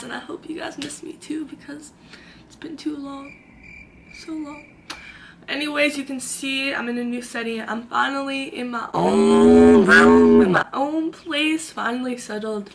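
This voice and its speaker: A woman's voice: on the high side, a little slow, background noise. A young woman vlogging from her own room, telling a dramatic story in a chatty way and acting out the quotes. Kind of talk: storytime vlog.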